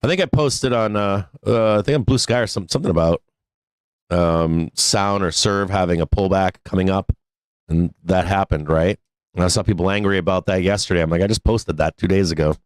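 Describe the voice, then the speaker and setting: A man with a lowish voice hosts a live stock market stream in a loose, rambling way. He swears freely and laughs as he talks. The sound is dry and close, with no room behind it. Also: moderate pace, smooth, no room sound. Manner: rambling, profane, laughs often. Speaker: host of a live stock trading show. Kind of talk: casual live-stream talk.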